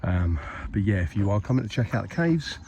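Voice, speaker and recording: A man's voice: on the low side, big pitch swings, a little fast, background noise. A man filming a casual walking vlog on a hilltop, out of breath, chatty and rambling, poking fun at himself. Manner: chatty, rambling, self-mocking. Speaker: vlogger exploring a historic site. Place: outdoors on a hilltop by a graveyard. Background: birdsong.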